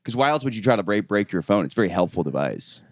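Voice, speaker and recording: A man hosting a comedy podcast, telling stories in quick, animated casual chat. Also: fairly low pitch, dry recording, studio quality. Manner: rapid, animated storytelling with frequent laughs and repeated "yeah". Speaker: podcast host.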